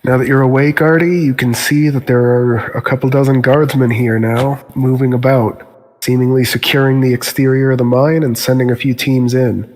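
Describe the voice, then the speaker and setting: Game master narrating in a reverberant room. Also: male voice, mid-range voice, moderate pace. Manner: steady descriptive narration, voicing nervous guards.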